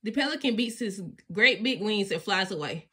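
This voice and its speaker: A woman reading a children's storybook aloud in an expressive, sing-song way, often laughing along. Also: mid-range voice, moderate pace, a little hiss or hum. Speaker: storybook reader.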